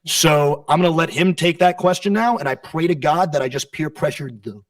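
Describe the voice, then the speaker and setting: Brash, sarcastic champion type, male, slightly high voice; dry, distant press-room pickup. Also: moderate pace, no room sound. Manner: brash, profane, sarcastic bragging. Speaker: wrestling champion at a press conference. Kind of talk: press conference answers. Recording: dry sound from a distant mic.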